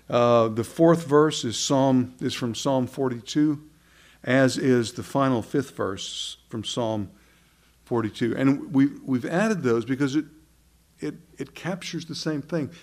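A man's voice: medium pitch, measured pace, darkish tone. A man teaching a group the words and beats of a new hymn, reading psalm verses aloud with frequent restarts. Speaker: song leader teaching a hymn.

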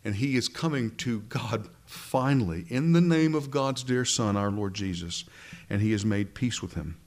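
A man's voice: on the low side, animated, moderate pace, a little mellow. A man pastor preaching a sermon, earnestly addressing his congregation directly.

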